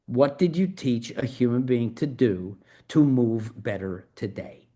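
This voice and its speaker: A man's voice: medium pitch, measured pace, hardly any pauses, dark tone. A middle-aged man as an interview guest, talking in a fired-up, emphatic and profane way. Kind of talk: podcast interview.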